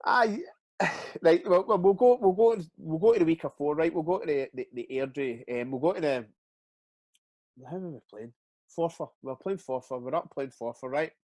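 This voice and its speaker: A man's voice: a little high, normal speed, darkish tone, no echo. A Scottish man, a retired footballer, tells stories in a casual interview. He swears freely and often stumbles and repeats words. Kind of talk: casual storytelling chat.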